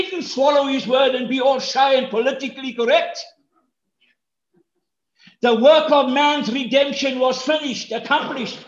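A male pastor preaching a sermon, swinging from hushed tones to shouts and repeating key phrases for stress. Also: very high voice, a little slow, reverberant, muffled recording.

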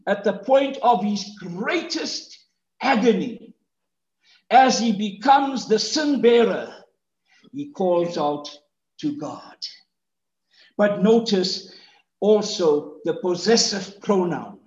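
Preacher guy giving a sermon, kinda high voice, gets loud and emphatic, roomy echo. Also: animated, slow pace, pauses often. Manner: rhetorical, rises to emphatic shouts. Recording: echoey, slightly muffled room.

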